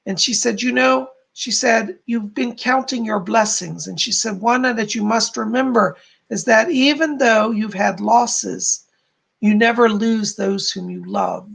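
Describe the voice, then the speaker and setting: Male psychic medium host; gravelly, husky tone, gentle delivery on a live stream. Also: high voice, a little slow. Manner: soft, relaying spirit messages, warm thanks to donors.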